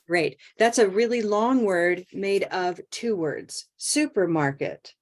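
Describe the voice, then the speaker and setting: A woman teaching English pronunciation in an online group lesson, encouraging and stretching out stressed words slowly. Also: mid-range voice.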